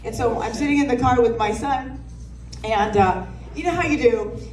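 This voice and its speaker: A brash, profane stand-up comedian, a woman in her thirties, spins stories with a slightly high voice. The sound carries the echo of a club room, picked up from some distance away. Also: normal speed, background noise. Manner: brash, profane, storytelling with laughs. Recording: roomy sound from a distant mic.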